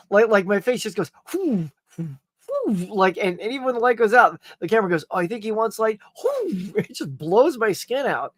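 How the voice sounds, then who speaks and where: A man's voice: high-pitched, dry recording, studio quality. A man hosting a live morning pop-culture stream, rambling casually, joking and reading viewer comments aloud.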